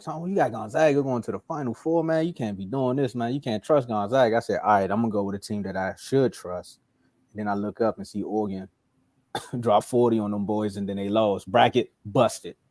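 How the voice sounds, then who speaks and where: Animated man in casual sports chat. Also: fairly low pitch, dry recording. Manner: animated, acts out quotes in other voices. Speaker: podcast co-host.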